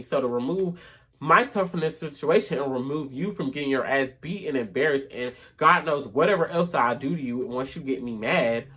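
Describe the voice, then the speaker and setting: A woman vlogger telling a story in a sassy, animated way, often dropping to low mutters. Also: moderate pace, husky. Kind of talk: casual storytime rant.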